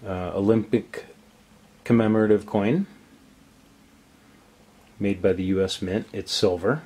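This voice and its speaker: A man's voice: on the low side, measured pace, breathy edge. A man hosting a casual coin collecting vlog, chatty and enthusiastic as he shows his pieces. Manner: relaxed, chatty, enthusiastic about coins. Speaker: coin collecting channel host. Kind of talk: casual show-and-tell vlog.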